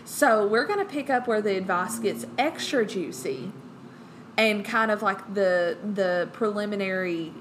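A woman's voice: mid-range voice, a little slow, noisy background. A woman co-hosting a casual Bible-study podcast, bubbly and joking, laughing often. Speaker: podcast co-host.

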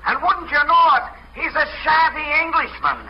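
An actor playing a gruff, matter-of-fact police sergeant on the phone, in 1940s radio acting. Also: male voice, extremely high pitch, moderate pace. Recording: muffled old radio recording with hiss.

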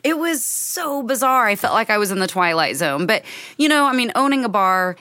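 A woman in her thirties from Arkansas, co-hosting a podcast and telling stories in a laid-back, animated way. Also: a little high, moderate pace, no room sound, clean studio sound. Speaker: co-host and bar owner. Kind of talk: casual storytelling.

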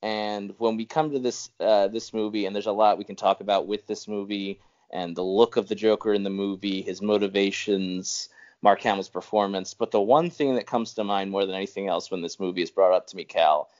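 A man's voice: lowish voice, steady tone, a little fast, darkish tone, muffled recording. A man co-hosting a podcast in casual chat, rambling with restarts and chuckles. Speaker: podcast co-host.

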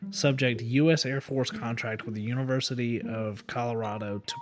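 A man's voice: medium pitch, fairly even intonation. Casual man reading old documents aloud. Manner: reads aloud haltingly with filler asides. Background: music.

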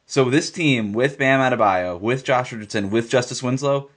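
Man, mid-pitched voice, podcast co-host; emphatic and repetitive when driving home a point. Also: moderate pace, a bit bright. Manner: emphatic, repeats points for stress. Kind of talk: casual sports talk.

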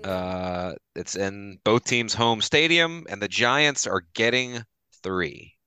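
A man hosting a casual sports podcast, running briskly through the week's matchups with loose, profane banter. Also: on the low side, pushed and bright, clear, resonant tone, no room sound. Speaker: podcast host reading the game lines.

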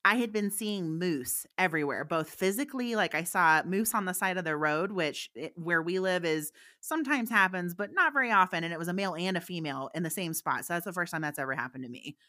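A woman's voice: fairly low pitch, animated, brisk, hardly any pauses, sharp tone. A woman, a psychic medium guest, telling a story in a candid, chatty way and laughing often. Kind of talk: casual anecdotal storytelling.

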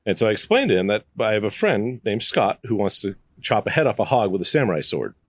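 A man's voice: on the low side, fast talker, dry recording. A man co-hosting a casual podcast, telling stories with lots of swearing and laughter. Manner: animated storyteller, swears, laughs a lot. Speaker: podcast co-host. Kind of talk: casual chat, storytelling.

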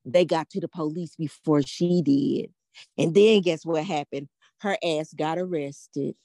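A woman's voice: sits low, a little slow, warm tone, dry recording, clean studio sound. An older woman hosting a podcast, telling a story to a live audience in a blunt, profane, emphatic way and asking a lot of rhetorical questions. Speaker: podcast host.

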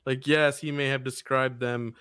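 A man's voice: mid-range voice, normal speed, smooth, dry recording, studio quality. A man co-hosting a podcast in casual chat, joking and often laughing as he talks. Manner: laughing, joking, lively banter. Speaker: podcast co-host.

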